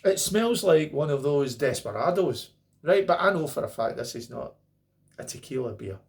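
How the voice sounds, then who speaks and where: A man's voice: on the high side, big pitch swings, normal speed, vocal fry. Middle-aged scottish guy rambling on about a beer, chatty, jokey little asides. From Scotland. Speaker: beer reviewer. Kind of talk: casual beer review monologue.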